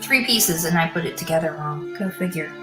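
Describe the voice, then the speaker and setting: A woman's voice: deep voice, lively intonation, fairly quick. A woman casually chatting on a livestream, answering viewer comments and muttering to herself as she builds. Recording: music playing under the voice. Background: music.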